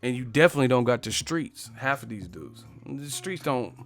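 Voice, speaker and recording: A man's voice: mid-range voice, lively intonation, normal speed, soft background music. Profane joking man on a live stream. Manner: profane, joking, mocks stiff interviewers in put-on voices. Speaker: boxing channel host. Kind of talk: casual live-stream rant.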